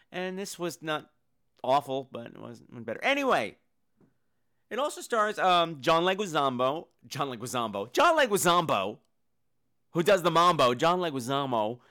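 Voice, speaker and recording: A man's voice: fairly high pitch, sharp tone. A man hosting a casual, comedic movie review show, full of campy, sarcastic asides. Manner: breaks into sung and squealed impressions.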